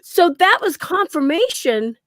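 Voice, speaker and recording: A woman and guest paranormal researcher, telling her stories in an animated way, acting out quotes and laughing often. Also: very high-pitched, measured pace, dry recording, studio quality. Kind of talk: casual storytelling on a podcast.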